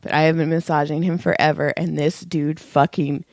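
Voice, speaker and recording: A woman's voice: low-pitched, level tone, normal speed, a little mellow, no room sound, clean studio sound. A young adult woman telling stories in casual chat, laughing often, her vocal cords strained. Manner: chatty storyteller, laughs often. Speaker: podcast co-host.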